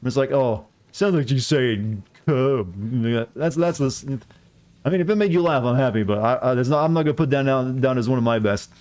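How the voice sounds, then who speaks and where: A man talks loosely over a game stream, circling his points with "you know" and half-started words. His pitch sits in an ordinary middle range for a man, and his humor turns back on himself. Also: fast talker, darkish tone, clean tone. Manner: rambling, self-deprecating joker with many fillers and restarts. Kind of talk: casual live-stream chat while playing.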